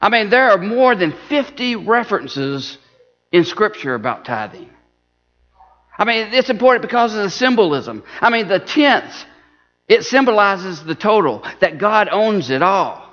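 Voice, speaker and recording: A man's voice: sits high, very animated, a little slow, fairly bright tone. A man preaching an earnest sermon, repeating words and restarting phrases as he goes. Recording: dull lo-fi recording in a reverberant church hall.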